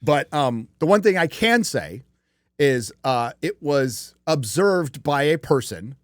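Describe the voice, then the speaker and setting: A man's voice: on the high side, big pitch swings, slow, no room sound, clean studio sound. A man hosting a livestream show, talking casually in a rambling, profane way with many fillers. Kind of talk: casual chat.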